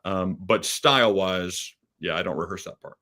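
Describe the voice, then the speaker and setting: A man with a somewhat low voice answers interview questions in a relaxed, explanatory way. He is a play-by-play announcer who talks plainly and casually about his work. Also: normal speed.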